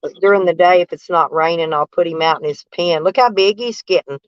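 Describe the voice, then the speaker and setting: A woman's voice: on the low side, a little fast, clean tone, no room sound. An older woman, chatting casually with live-stream viewers in a rambling, folksy, blunt way with frequent swearing. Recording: dull, dry lo-fi stream audio.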